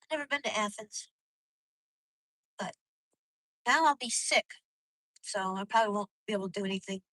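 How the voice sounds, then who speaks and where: Driving at night, a woman vlogger live-streams from her car, venting to viewers in a rambling, profane, casual chat. Her voice is medium-pitched and sharp at a moderate pace, and the recording is rough with no echo.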